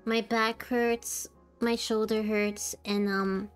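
Woman, streamer, tired, sore throat, slow unhurried speech, faint music behind. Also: medium pitch, level tone, clear, resonant tone. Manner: tired, soft-spoken, laughs often. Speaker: VTuber streamer. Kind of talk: casual chat to a live chat.

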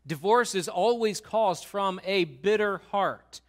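A man preaching a sermon as pastor, talking in a conversational, animated way with quick asides and repeated restarts. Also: high-pitched. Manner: acts out what God and others say.

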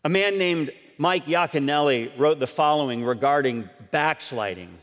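A man's voice: fairly high pitch, moderate pace. A man pastor preaching a sermon earnestly, repeating key points and putting questions to his congregation. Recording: long reverb of a church hall.

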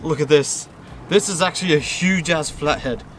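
A young man from Australia, vlogging casually while fishing outdoors on a sea wall, excitable and slangy, laughing often. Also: on the high side, normal speed, slight background noise. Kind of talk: casual outdoor vlog commentary.

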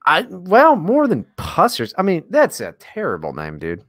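Profane, sarcastic American man with lively pitch. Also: normal speed, no echo, studio quality. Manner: profane and sarcastic, many fillers. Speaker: podcast co-host. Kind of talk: casual chat.

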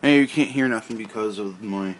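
A man vlogging casually in a groggy morning voice, rambling offhand and clearing his throat often, recorded on a phone indoors. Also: on the low side, a little fast, background noise. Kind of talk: casual vlog chat.

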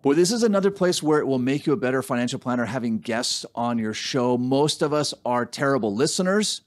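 A man's voice: mid-range voice, expressive, a little fast. A man hosting a business podcast, chatting with a guest in an enthusiastic way and often repeating words. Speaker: podcast host. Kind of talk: casual interview chat.

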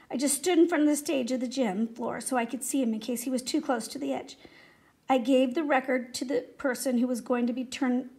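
A woman reading a children's story aloud in a steady, expressive way. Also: sits high. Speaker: reader.

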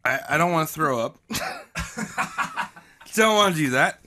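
A man's voice: fairly high pitch, lively intonation, moderate pace, noisy background. A man hosting a comedy history podcast, telling the story in a loose, crude, joking way. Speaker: podcast host.

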